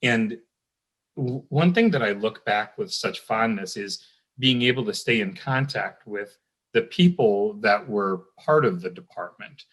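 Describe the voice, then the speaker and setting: A man's voice: lowish voice, expressive, a little slow, a bit bright, slightly rough. A man in his fifties, an alumni guest, casually reminiscing and telling a rambling story full of ums and restarts.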